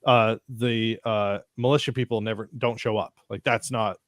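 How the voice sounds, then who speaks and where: Fairly low in pitch and fairly even in intonation, this podcast co-host speaks at a moderate pace with a slightly bright tone. He chats casually, rambles, swears without restraint and frequently drifts into fillers. The recording is dry and studio-clean.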